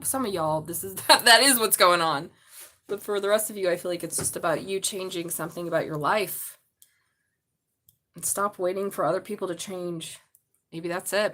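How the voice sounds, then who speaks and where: A woman doing a live tarot reading. Her talk is chatty and excitable, with offhand swearing and constant asides to the viewers. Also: lowish voice. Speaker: tarot reader.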